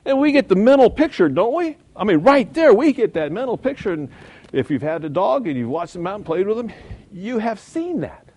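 A man teaching a Sunday school Bible lesson in a conversational, folksy way, slowing down and building up for emphasis. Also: high voice, big pitch swings, darkish tone. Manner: conversational, folksy, chuckles at own points.

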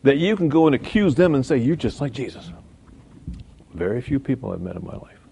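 A man's voice: mid-range voice, very animated, fairly quick, gravelly, dark tone, slightly rough. A man teaching from the Bible in a folksy, informal way, with asides and mock voices. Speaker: preacher.

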